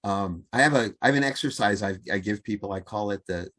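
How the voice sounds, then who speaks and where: Animated male podcast guest. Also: fairly low pitch, fast talker. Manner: animated, acts out quoted voices, laughs easily. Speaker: podcast guest, communication coach and author. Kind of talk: conversational interview.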